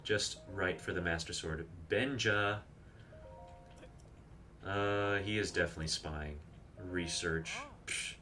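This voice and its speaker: Male streamer, deep voice, chatty and rambling, casual live gameplay talk. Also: steady tone, slow, pauses often, sharp tone, faint music behind. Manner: chatty, rambling, reads chat aloud and explains game tricks.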